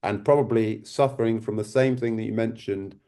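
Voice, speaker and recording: A male podcast host with a low, mellow voice leads a casual interview. He phrases his questions hesitantly and often restarts his sentences. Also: steady tone, fairly quick.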